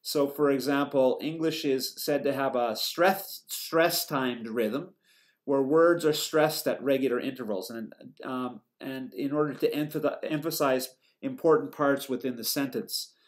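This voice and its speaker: A man teaching a lecture, explaining step by step in a steady way, with fillers and self-corrections. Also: medium pitch, unhurried. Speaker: English teacher giving a lecture. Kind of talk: recorded lecture.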